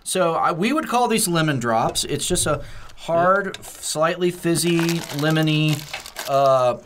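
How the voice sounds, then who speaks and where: A man's voice: a little high, lively intonation, unhurried, a bit bright, slight background noise. A man co-hosting a podcast, chatting casually as he explains a candy with many fillers. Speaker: podcast co-host. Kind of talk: casual food-tasting chat.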